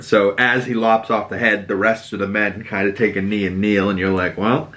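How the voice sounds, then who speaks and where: A man's voice: fairly low pitch, level tone, normal speed, few pauses, fairly bright tone. A man with a Boston accent hosting a podcast, chatting casually through an episode recap with plenty of swearing. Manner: chatty, profane, acts out quotes. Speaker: podcast host.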